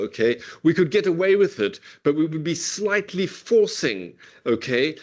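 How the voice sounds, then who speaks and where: A man's voice: fairly high pitch, expressive. Man lecturing with frequent "okay?" tags. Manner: dramatic slow recitation of verse. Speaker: literature lecturer. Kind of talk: university lecture. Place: classroom.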